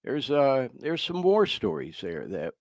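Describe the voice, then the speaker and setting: Slow, lively-pitched male podcast host. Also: no room sound. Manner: heartfelt, choking up with emotion. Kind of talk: casual podcast talk.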